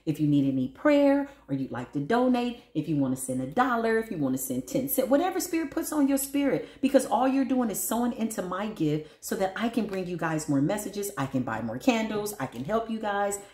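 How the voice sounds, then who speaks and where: Lively tarot-reading woman, laughs a lot, voice bounces all over, roomy echo. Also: fairly quick, hardly any pauses. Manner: animated, laughing often, big pitch swings, talks to spirit and viewers. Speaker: tarot reader.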